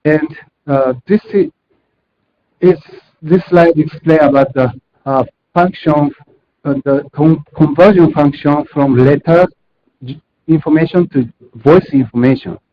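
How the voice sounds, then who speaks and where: A man giving a technical conference presentation over a video call, speaking hesitantly and correcting himself as he goes. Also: fairly high pitch. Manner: hesitant, halting with self-corrections. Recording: muffled video-call audio.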